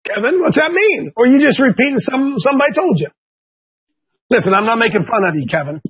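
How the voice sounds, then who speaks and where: A man's voice: very high voice, big pitch swings, brisk, breathy edge, dull audio. A man from Ohio teaching a Bible class in a folksy, conversational way, quizzing his listeners with questions.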